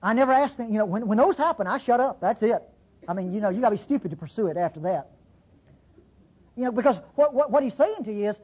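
A Bible teacher giving a folksy, conversational sermon-style lesson, acting out quotes with sudden pitch jumps. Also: animated, fast talker, husky, muffled recording.

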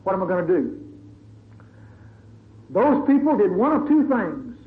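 A man's voice: sits high, big pitch swings, unhurried. A male preacher giving a sermon in a dramatic, conversational storytelling manner. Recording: tinny phone-like recording, faint hiss.

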